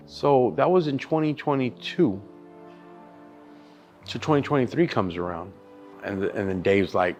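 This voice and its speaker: A man in his thirties, a barbecue restaurant chef-owner, telling his story in a casual interview, animated and swearing freely, calling the listener dude and brother. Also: mid-range voice, unhurried, pauses often, dull audio, soft background music.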